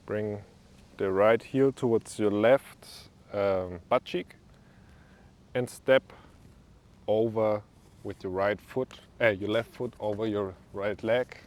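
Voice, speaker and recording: A young man with a German accent leading a guided stretching class in a calm, easygoing way with small joking asides. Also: fairly low pitch, slow pace. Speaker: yoga instructor.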